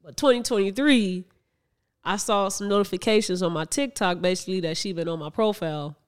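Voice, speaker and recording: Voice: medium pitch, fairly quick, clear, resonant tone. A young adult podcast co-host in casual chat, telling stories with frequent laughs and mid-sentence restarts.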